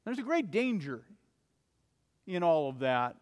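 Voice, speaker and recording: Male pastor, earnest sermon delivery with urgent swells, slightly higher voice, long hall reverb. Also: very animated, measured pace, long pauses. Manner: earnest preaching, rising to urgent cries and dropping to soft, low passages.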